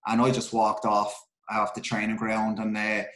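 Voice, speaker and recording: A man's voice: on the low side, monotone, normal speed, a bit bright. A middle-aged Irish man, a former footballer, telling stories candidly in a casual interview, swearing freely and restarting his sentences often. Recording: roomy echo.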